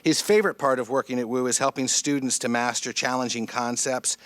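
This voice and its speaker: A man's voice: mid-range voice, steady tone, fairly quick, a bit bright, no room sound. A man formally introducing the next speaker at an event, reading the introduction aloud.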